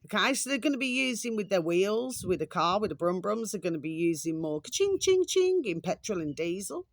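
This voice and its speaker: A woman's voice: medium pitch, very animated, fairly quick, no echo. A woman talking casually to camera, ranting in a chatty, repetitive way and often calling her viewers pet names. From England. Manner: chatty, repetitive, ranting, calls viewers "my delicious little babies". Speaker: vlogger.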